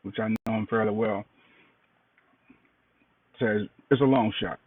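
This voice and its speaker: A tired middle-aged man giving a plain-spoken, halting update in a casual video diary. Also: fairly even intonation, breathy edge, no room sound. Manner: low-key, plain-spoken, halting with fillers. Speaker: cancer patient sharing an update. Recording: distant, phone-like, noisy recording.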